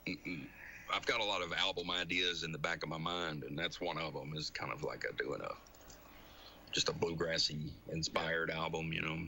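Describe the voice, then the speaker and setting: A man who is a country singer, chatting in a relaxed, agreeable way as a guest on a TV show. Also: extremely low pitch, moderate pace, slight background noise. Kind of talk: casual studio chat.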